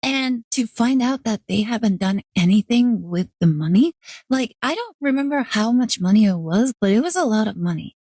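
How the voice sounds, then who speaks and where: Chatty higher-voiced woman streamer, dry sound. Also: lively intonation, warm tone, no room sound. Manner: rambling, fills every pause with "like"; acts out quoted people in a lower voice. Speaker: VTuber streamer. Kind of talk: casual storytelling chat.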